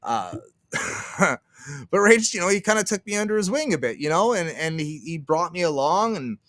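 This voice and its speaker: His voice sits high and fairly bright, swinging widely in pitch at a moderate pace, with no echo. The Canadian streamer rambles through a casual livestream, swearing, laughing often, and mimicking what others said.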